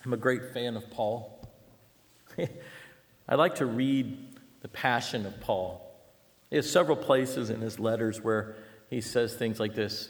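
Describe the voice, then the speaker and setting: A middle-aged man preaching a sermon, telling stories with animated swings between loud and hushed delivery. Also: medium pitch, takes it slowly, vocal fry, long pauses. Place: church sanctuary. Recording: long reverb of a large hall.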